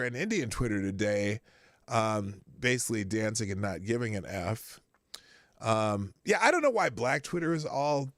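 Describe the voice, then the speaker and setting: A man's voice: mid-range voice, a bit bright, no room sound, clean studio sound. A man hosting a live show, chatting casually and rambling with many fillers and restarts as he responds to viewers' super chats. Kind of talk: casual live-stream commentary.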